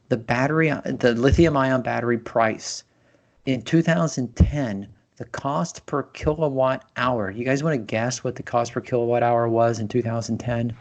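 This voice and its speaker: Podcast host guy, easygoing chatty delivery, lots of ums, average pitch. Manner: conversational, with many fillers and restarts. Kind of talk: casual chat.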